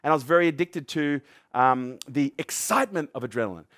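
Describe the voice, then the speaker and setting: A man's voice: a little high, animated, a little fast, a bit bright, no echo, studio quality. Emphatic man giving a fired-up talk. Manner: emphatic and profane, asks the crowd questions. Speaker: motivational speaker. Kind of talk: live motivational talk to an audience.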